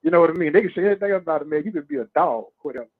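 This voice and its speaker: A man talks fast over a tinny phone line, his voice sitting a bit high. He is animated and streetwise, checking in with his listener again and again. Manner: animated, streetwise, "you know what I mean". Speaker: guest. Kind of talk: casual radio talk.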